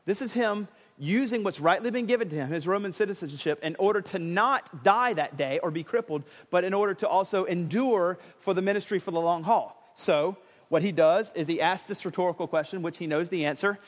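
Male pastor, casual and joking sermon delivery, slightly high voice, echoey hall. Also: normal speed. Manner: casual and joking, with modern slang.

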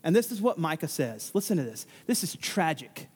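Male pastor, sermon delivery, emphatic and exclaiming, high voice. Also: big pitch swings, a little fast, hardly any pauses, a little mellow, husky, in a large hall.

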